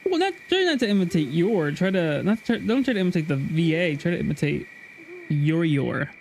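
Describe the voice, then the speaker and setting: A man's voice: high voice, big pitch swings, quick pace, darkish tone, slight background noise. A man streaming a game, chatting casually and reading a game guide aloud with frequent restarts. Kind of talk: casual gameplay stream chat.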